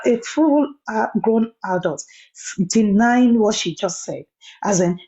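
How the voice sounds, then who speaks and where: A woman's voice: mid-range voice, dark tone, muffled recording. A woman joining a live stream to give earnest, preachy commentary, repeating points for emphasis. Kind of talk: impassioned commentary.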